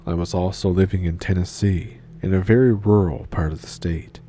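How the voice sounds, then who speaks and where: A man reading a scary first-person story aloud in a measured storytelling manner. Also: low voice, steady tone, dark tone, a little hiss or hum. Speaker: narrator. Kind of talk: scripted horror story narration.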